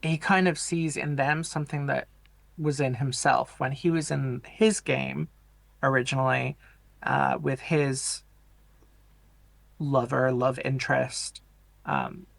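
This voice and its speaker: A man co-hosting a movie podcast, calmly recapping the plot and explaining the characters in a measured way. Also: medium pitch, gravelly, no room sound. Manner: measured, explanatory, hesitant fillers. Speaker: podcast co-host. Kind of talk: casual film discussion, plot recap.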